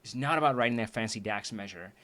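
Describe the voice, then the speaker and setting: Earnest man streaming, voice going hoarse. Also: on the low side, fast talker, pushed and bright. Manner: earnest, reflective, frequent restarts and laughs. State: losing his voice. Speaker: livestream trainer and host. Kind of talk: casual livestream talk to viewers. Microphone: streaming setup.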